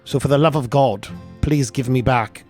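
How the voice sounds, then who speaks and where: A man's voice: medium pitch, moderate pace, darkish tone, soft background music, natural voice. Casting note: snooty cursed loot object with theatrical outrage, played by a man as game master in a tabletop game. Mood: haughty. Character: haughty talking loot item, pompous, easily offended.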